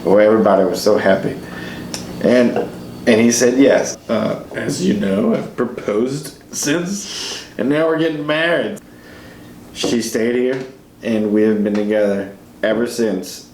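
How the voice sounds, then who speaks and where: A man's voice: mid-range voice, unhurried, darkish tone, roomy sound, slight background noise, low-quality recording. A young man rambling through a tipsy love story to the camera, laughing and acting out quotes. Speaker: groom telling his love story.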